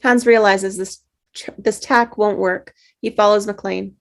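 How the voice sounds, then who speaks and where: A woman reading stage directions in an even, matter-of-fact way in a table read over a video call. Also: mid-range voice, a little slow, creaky.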